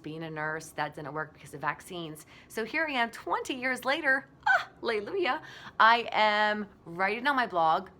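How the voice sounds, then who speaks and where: A woman in her forties, a blogger giving a candid, animated motivational talk. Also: on the low side, a little hiss or hum.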